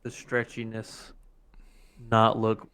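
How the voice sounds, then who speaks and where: A man co-hosting a casual podcast chat, talking in an excitable, emphatic way. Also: on the low side, slow. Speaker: podcast co-host.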